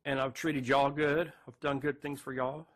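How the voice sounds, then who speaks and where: A distraught man, speaking haltingly to camera near tears and repeating himself. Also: mid-range voice, flat delivery, fairly bright tone. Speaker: man recording a farewell video. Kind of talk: emotional direct-to-camera confession.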